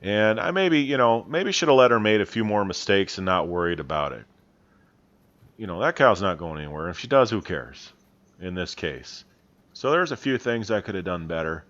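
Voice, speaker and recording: A man with a deep, low voice gives calm voice-over on his own riding footage as a horse trainer. He explains plainly and is open about his own mistakes. The sound is somewhat dull and lo-fi.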